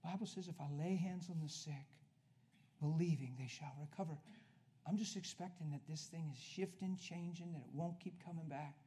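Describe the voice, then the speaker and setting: Man, preacher, fairly high voice, sermon storytelling, hushed then emphatic. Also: normal speed. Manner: acts out both sides of conversations.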